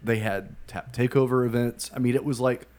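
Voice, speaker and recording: A man chatting as a podcast co-host, talking at an average pitch. He rambles loosely, trailing off and starting sentences over as he goes. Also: fairly even intonation, moderate pace, darkish tone. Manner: rambling, trailing off with fillers and restarts. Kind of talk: casual chat.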